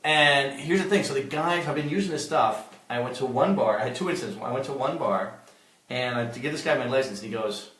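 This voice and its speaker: Male comedian co-host, rapid animated storyteller, recorded a bit off-mic in a roomy space. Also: mid-range voice, recorded from a distance. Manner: animated storyteller, quick laughs. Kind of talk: casual podcast chat, storytelling.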